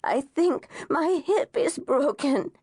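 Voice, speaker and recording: A woman narrator voicing an elderly, old-fashioned grandmother with a soft, motherly way of talking. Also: fairly low pitch, big pitch swings, measured pace, no echo, clean studio sound. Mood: terrified, pleading. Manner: soft, motherly, turning frantic when scared.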